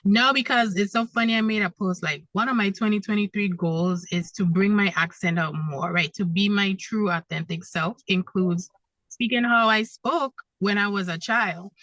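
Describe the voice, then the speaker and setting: A woman's voice: medium pitch, moderate pace, fairly bright tone, no echo. A woman from the Virgin Islands with a light island accent, speaking as an interview guest in an easygoing, reflective way. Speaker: guest, life coach. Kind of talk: casual interview chat. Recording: dull, dry, lo-fi.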